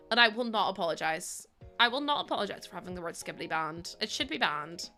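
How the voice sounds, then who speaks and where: A woman's voice: mid-range voice, lively intonation, quick pace, pushed and bright, faint music behind. A young woman livestreaming, chatting casually and self-mockingly with her viewers while she plays a game.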